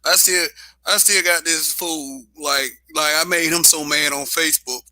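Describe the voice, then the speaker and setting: A man's voice: fairly high pitch, steady tone, moderate pace, bright, forceful tone, no echo. A man hosting a casual livestream monologue, blunt and profane, laughing often. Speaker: show host.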